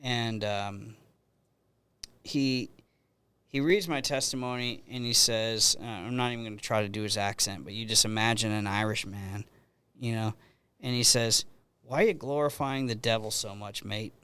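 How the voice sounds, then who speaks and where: A man's voice: fairly low pitch, normal speed, fairly bright tone, clear, resonant tone. A man hosting a podcast interview, telling stories in a rambling, conversational way with frequent restarts. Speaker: podcast host.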